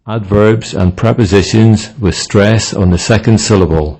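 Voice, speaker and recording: A man narrating a scripted pronunciation lesson, reading example words one by one in a measured way. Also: on the low side, a little mellow, husky. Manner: measured, reads word lists one by one. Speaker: English pronunciation instructor.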